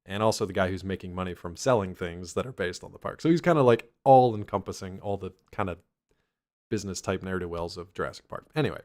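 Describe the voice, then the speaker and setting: A man's voice: low voice, quick pace, darkish tone. A man co-hosting a podcast, recapping a cartoon with wry, dry asides in casual chat. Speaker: podcast co-host.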